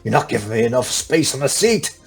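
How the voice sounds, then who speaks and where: A man's voice: medium pitch, big pitch swings, brisk, gravelly, breathy edge, soft background music, voice pushed up, heavily acted. A man voicing an obese, grumbling homeless man on a bus who whines, wheezes and coughs. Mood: whiny.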